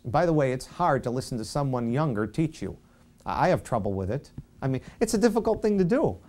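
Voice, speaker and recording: Pastor guy giving a chatty sermon, warm low-key voice, jokes at his own expense. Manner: conversational, self-deprecating asides.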